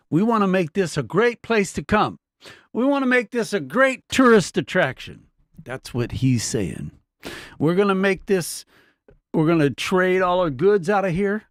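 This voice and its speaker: A man with a slightly high, very expressive voice gives an informal Bible teaching. He talks conversationally and keeps stopping to check that his listeners follow him. The recording is dry and close. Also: no room sound.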